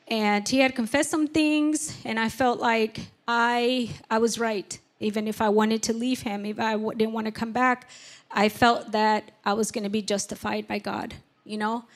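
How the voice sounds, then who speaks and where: A woman giving a personal testimony at church, speaking candidly and emotionally, halting often with fillers. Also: fairly high pitch, steady tone.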